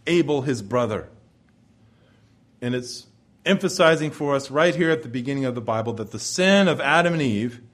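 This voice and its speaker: A male preacher gives an expository sermon in a measured, emphatic way, and his voice drops low at the ends of phrases.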